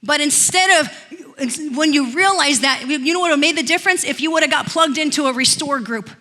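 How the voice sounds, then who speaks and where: A woman pastor preaching a sermon in church, telling stories and rising into loud declarations. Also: high-pitched, moderate pace. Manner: storytelling, swells to loud declarations.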